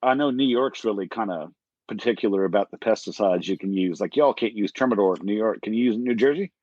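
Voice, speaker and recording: A man's voice: fairly low pitch, fast talker, darkish tone, lo-fi sound, a little hiss or hum. A man hosting a casual podcast, telling rambling, crude stories about the pest control trade. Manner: rambling storyteller, crude humor.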